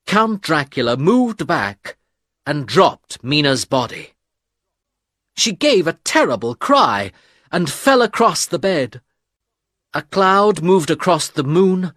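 A man reading a story aloud as narrator, in a slow, dramatic storytelling manner. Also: fairly high pitch, a bit bright, no echo, studio quality. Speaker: audiobook narrator. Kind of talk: scripted narration.

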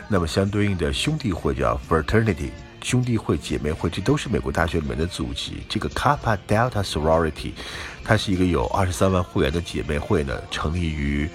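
A man hosting a language lesson, steadily explaining English expressions. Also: low-pitched. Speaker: English teacher.

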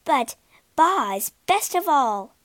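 A woman's voice: high voice, very animated, takes it slowly, a bit bright, no room sound, voice pushed up, full character voice. A woman voicing a bossy, boastful little robber girl in a storybook reading.

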